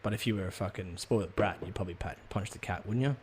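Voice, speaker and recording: A man's voice: on the low side, quick pace, a little hiss or hum. A man hosting his own show, ranting casually in a profane, rambling way with lots of ums and restarts. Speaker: podcast host. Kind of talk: casual comedic rant.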